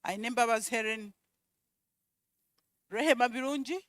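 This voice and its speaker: A woman presenting at a conference, calling out attendees' names one by one and repeating each, with quiet asides in between. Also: fairly high pitch, normal speed, dry recording. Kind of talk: roll call at a conference.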